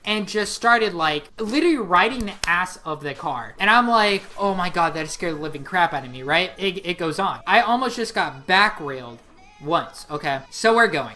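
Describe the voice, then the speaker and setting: A young woman in her late teens telling a story on her vlog, excitable and rambling, with lots of "like" fillers. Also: fairly low pitch. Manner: excitable, rambling, heavy use of 'like'. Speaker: vlogger. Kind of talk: casual storytelling.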